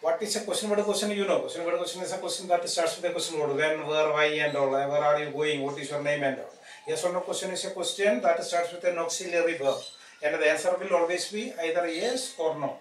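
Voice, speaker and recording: A man's voice: a little high, fairly even intonation, fast. A man teaching a grammar lesson, explaining patiently and often adding "isn't it?". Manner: explanatory, repeats tag "isn't it?" and fillers. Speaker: English teacher. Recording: echoey room, distant mic, faint noise.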